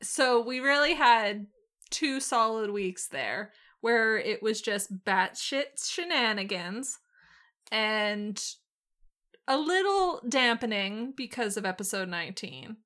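A woman with a high, bright voice talks in an animated, casual way. She tells stories quickly, swears freely and acts out other people's lines. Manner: animated, swearing, quick storytelling with acted quotes. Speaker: podcast co-host. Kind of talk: casual chat.

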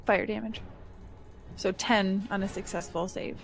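A woman's voice: mid-range voice, fairly even intonation, unhurried, vocal fry, soft background music. A woman playing in an online tabletop game, talking through her move in a chatty, hesitant way. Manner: chatty, hesitant, thinks aloud. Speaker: player.

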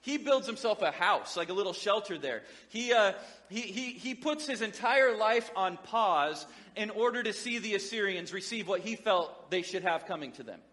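A man's voice: sits high, expressive, normal speed, few pauses, a bit bright, long reverb tail. A man preaching a sermon as pastor, in a conversational, joking manner with frequent restarts.

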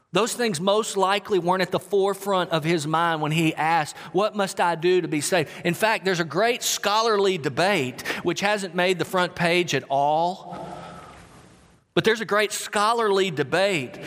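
A man delivers a sermon in a high, ringing voice. He leans on key phrases, stretching them out, and sometimes drops to a whisper. A long reverb trails behind him, as in a large sanctuary. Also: a bit bright. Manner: emphatic, slows for stress, dips to whispers. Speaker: pastor.

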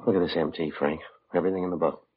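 A man's voice: low voice, steady tone, rapid-fire, slight background noise, close to an everyday voice. Friday, a man playing a terse detective. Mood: flat. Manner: clipped, matter-of-fact delivery. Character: terse, steady adult police detective. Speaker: police detective. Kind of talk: 1950s radio drama acting. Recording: dull old radio broadcast.

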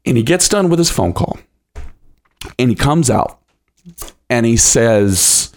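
A man's voice: mid-range voice, slow pace, long pauses. A man in his thirties hosting a podcast, telling a personal story and acting out the voices of people in it. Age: 30s. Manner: animated, acts out the voices of people in his stories. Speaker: podcast host.

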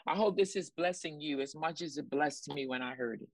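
A woman's voice: deep voice, fairly quick, no echo. A woman co-hosting a ministry broadcast, preaching in an emphatic, repetitive way and urging her listeners on. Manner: exclamatory praise. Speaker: ministry co-host. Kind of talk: preaching commentary.

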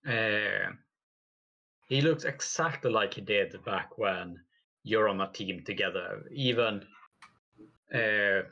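A man narrating a tabletop game as game master, slow and halting with many fillers. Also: on the low side, bright, forceful tone, muffled recording.

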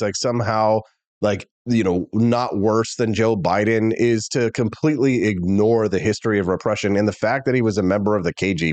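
A male talk show host delivering an animated, opinionated monologue straight to viewers. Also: fairly low pitch, dry recording.

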